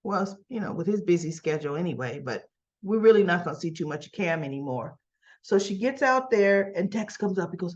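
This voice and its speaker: A woman's voice: lowish voice, moderate pace. A woman hosting a casual soap opera recap, chatting and acting out the characters' lines in a raised voice. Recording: slightly dull lo-fi audio.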